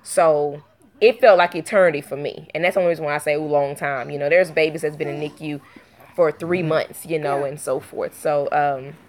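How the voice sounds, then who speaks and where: A young mother talks to her camera in a low voice. She rambles, circling back with fillers and restarts, earnest and emotional. It is a loose, casual vlog chat. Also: fairly even intonation, a little fast. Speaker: vlogger and mother.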